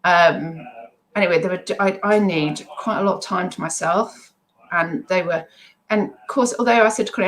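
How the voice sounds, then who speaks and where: Middle-aged woman, slightly low voice, rambling chatty live-stream host talking off the top of her head. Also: a little fast, rough recording. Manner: rambling, self-deprecating stream of consciousness. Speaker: eBay seller livestreaming.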